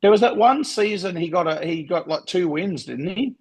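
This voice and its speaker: A man's voice: sits high, lively intonation, moderate pace, over a noisy crowd, rough recording. An Australian man telling laid-back, sweary stories in casual podcast chat with fellow bodybuilders. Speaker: podcast co-host, pro bodybuilder.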